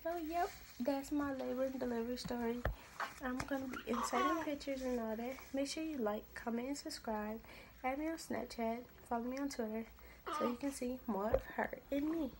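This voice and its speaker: A young woman with a high voice chats through a casual storytime vlog, expressive and colloquial, slipping into voices as she tells it. Faint background noise sits under her home recording. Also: normal speed. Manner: chatty and expressive, colloquial, acting out quotes. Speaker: vlogger, new mother.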